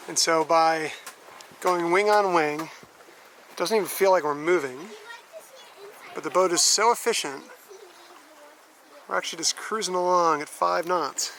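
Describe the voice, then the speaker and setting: Relaxed man on a noisy boat. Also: fairly high pitch, unhurried, pauses often. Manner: relaxed, explains things plainly. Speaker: sailing vlog host. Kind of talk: casual vlog narration. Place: outdoors on a sailboat at sea.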